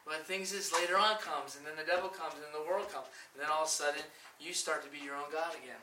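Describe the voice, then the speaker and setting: A woman's voice: sits low, fairly even intonation, fast talker, pushed and bright, distant mic, slight background noise. A woman preaching a sermon with emphasis, asking the room questions and acting out quoted voices. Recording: echoey room, voice from off the mic.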